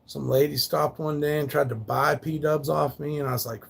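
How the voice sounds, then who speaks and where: Gravelly, rambling, profane man livestreaming. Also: fairly high pitch, fairly even intonation, normal speed. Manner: rambling, profane, laid-back. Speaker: live streamer. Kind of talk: casual livestream storytelling.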